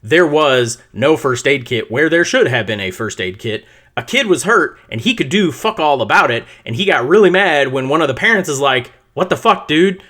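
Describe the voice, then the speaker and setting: Animated, bright-voiced male podcast host. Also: a little high, moderate pace, few pauses. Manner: animated storytelling, swears freely, many restarts. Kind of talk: casual solo podcast monologue.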